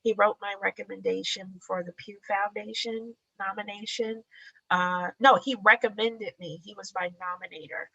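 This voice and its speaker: A woman artist giving a casual guest talk, animated and acting out the dialogue in her stories. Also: medium pitch, normal speed, gravelly, slightly rough, dry recording. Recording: dull lo-fi sound.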